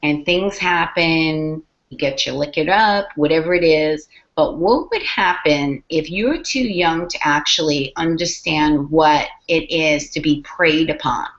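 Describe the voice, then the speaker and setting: A woman author chatting casually in an interview, telling animated stories with plenty of profanity and acted-out quotes. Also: deep voice, unhurried, hardly any pauses. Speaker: author guest. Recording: dull lo-fi podcast audio.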